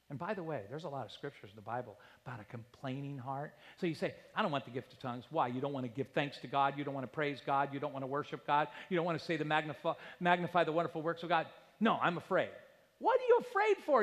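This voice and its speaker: A middle-aged man preaching in a church sanctuary, his voice riding high and swinging widely in pitch. He acts out the people he quotes. Long reverb trails after each phrase. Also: a bit bright. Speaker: pastor. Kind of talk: sermon.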